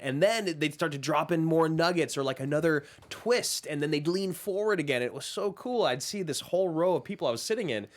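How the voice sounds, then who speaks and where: A man's voice: on the high side, lively intonation, a little fast, hardly any pauses. A man co-hosting a casual film podcast, talking over a remote call and acting out movie lines in big voices.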